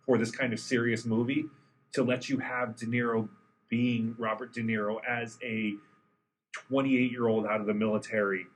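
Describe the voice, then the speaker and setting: A man's voice: medium pitch, little pitch movement, normal speed, a little hiss or hum, rough recording. A man co-hosting a podcast in casual chat, enthusiastic and joking. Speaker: podcast co-host. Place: studio in Los Angeles.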